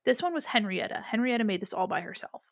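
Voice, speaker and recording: A man's voice: sits high, expressive, fast talker, no echo, clean studio sound. Woman doing a chirpy little rabbit-folk egg farmer. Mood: proud chatter. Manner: eager, chattering, acts grown up. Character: tiny joyful male rabbit-folk egg farmer, childlike. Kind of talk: tabletop game character voice.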